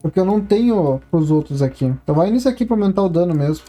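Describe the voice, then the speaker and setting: A woman's voice: fairly low pitch, expressive, very fast, mellow, faint music behind. A woman with a Brazilian Portuguese accent streaming a game, musing aloud to herself in casual gameplay commentary. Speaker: gaming streamer.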